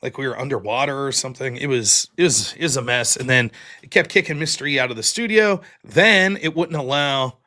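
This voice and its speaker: A man hosts his own evening live stream, talking loosely and rambling on with self-deprecating asides. His voice is bright and forceful, at an ordinary middle pitch. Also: fairly quick. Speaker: show host. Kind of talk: casual live-stream chat.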